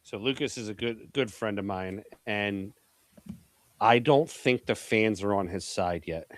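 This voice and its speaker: A man's voice: lowish voice, measured pace, no room sound. A man from Philadelphia telling brash, profane stories in a casual podcast chat. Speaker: pool media executive, guest.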